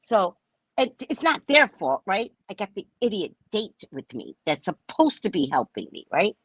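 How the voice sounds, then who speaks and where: Woman, husky, swooping pitch, casual story, swears, dry close sound. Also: normal speed, no echo, poor audio. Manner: animated, swears, keeps asking "right?". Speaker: vlogger, spiritual reader.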